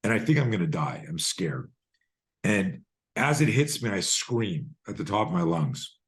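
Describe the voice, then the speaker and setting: A man in his sixties, a guest on a video call, telling a personal story in a lively way and swearing freely. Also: lowish voice, normal speed. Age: 60s. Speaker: guest, self-defense expert.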